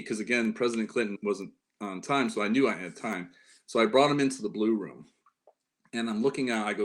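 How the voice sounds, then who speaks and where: Low-voiced middle-aged man telling rambling anecdotes. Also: quick pace. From Upstate New York, near Lake Ontario. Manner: rambling anecdotes with many fillers and restarts. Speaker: interview guest, former White House staffer. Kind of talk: casual storytelling interview.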